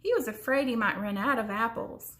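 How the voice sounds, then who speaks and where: A woman reading a children's story aloud in an expressive way, slowing down for suspense. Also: on the high side. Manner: expressive, slows down for suspense, sometimes drops to a whisper.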